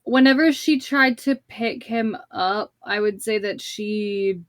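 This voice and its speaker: A woman's voice: medium pitch, slow pace, no echo, clean studio sound. A woman playing a tabletop game, thinking aloud as a player.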